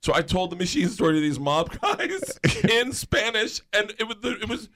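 A man guesting on a talk show, telling animated anecdotes with frequent laughter and acted-out voices. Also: sits high, normal speed. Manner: animated, laughs often, acts out voices in stories. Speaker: guest storyteller. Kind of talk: casual chat, anecdote telling.

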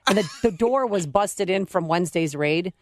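A woman's voice: lowish voice, expressive, normal speed. A woman hosting a talk radio show, telling a story and chatting with her co-host and callers. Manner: chatty storyteller, reads phone numbers.

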